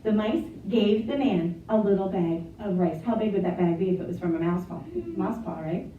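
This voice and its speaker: A woman telling a children's story in an animated way, inviting the children to join in. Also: medium pitch, normal speed, a little hiss or hum. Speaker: storyteller and teacher. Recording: echoey, distant, dull, piano behind.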